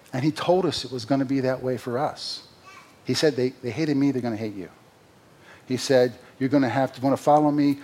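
A man's voice: medium pitch, darkish tone, slight background noise. A man preaching a sermon as pastor, earnest, with sarcastic asides and emphatic rises.

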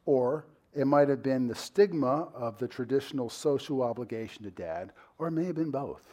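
A male pastor giving a sermon in a conversational style, full of "you know" fillers and rising to loud, emphatic bursts. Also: medium pitch, animated, moderate pace. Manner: conversational preaching with many fillers.

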